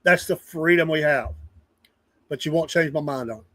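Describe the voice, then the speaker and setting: A man's voice: a little high, moderate pace, fairly bright tone, no echo. A man, hosting a casual live stream, rambling earnestly and greeting viewers from the chat by name. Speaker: livestream news show host.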